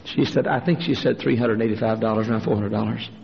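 A man preaches a fiery sermon from the pulpit, his voice gravelly and worn. It sounds dull and lo-fi, with a long hall reverb and faint noise behind it. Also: fairly even intonation, fast. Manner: fiery preacher, jumps to a high strained voice for quoted women. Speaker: pastor. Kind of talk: sermon with acted-out stories. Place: large church.

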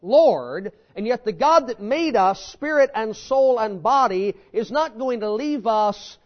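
A man preaching a sermon in a folksy, animated storytelling manner. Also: high voice, a little slow. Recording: dull lo-fi sermon recording.

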